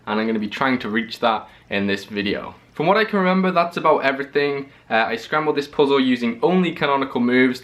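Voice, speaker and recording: A young man hosting his own video, thinking aloud as he works through a puzzle, hesitant and full of fillers. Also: mid-range voice. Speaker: puzzle-solving video host.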